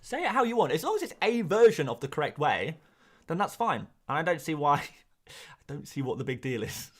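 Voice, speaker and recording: Young english guy rambling to his stream chat, kinda high voice, bouncing all over the place. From England. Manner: animated, rambling, quick asides with laughs. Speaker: streamer answering live chat. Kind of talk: casual live-stream chat.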